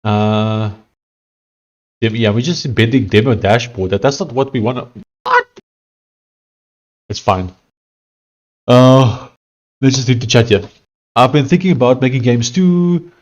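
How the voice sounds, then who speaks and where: A young man live-streaming his coding work, thinking aloud and reading out chat in a loose, halting way with many fillers. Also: mid-range voice. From South Africa. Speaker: live-streaming software developer.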